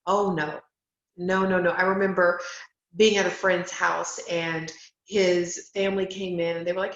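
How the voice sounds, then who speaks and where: A middle-aged woman speaks straight to her listeners in an emphatic, encouraging motivational talk. Her voice sits at an ordinary pitch. The sound is roomy and a little dull, as if recorded in a bare room. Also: level tone, moderate pace, gravelly. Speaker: speaker and coach.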